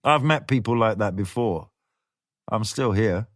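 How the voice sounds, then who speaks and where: Male narrator giving voice to an unflinching English hero, clipped lines, slow pace. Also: fairly low pitch, dry recording, studio quality. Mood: calm. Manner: clipped and calm. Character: terse, unflinching Englishman, middle-aged.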